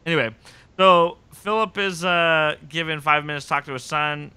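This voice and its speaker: A man with a bright, slightly high voice chats casually through a podcast recap. He slips into put-on voices for the characters, and the recording is close and dry. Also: normal speed, clear, resonant tone, dry recording. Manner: animated, acts out characters' lines in put-on voices. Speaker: podcast host.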